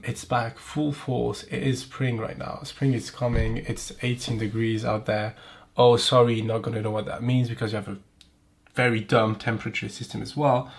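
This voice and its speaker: A French-accented man hosts a podcast in loose, casual chat, his voice stuffy and nasal from pollen. He rambles, swears a lot and pokes fun at himself, sitting at an everyday middle pitch. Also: gravelly. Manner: profane, rambling, self-mocking. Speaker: podcast host. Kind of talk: casual chat and reading aloud.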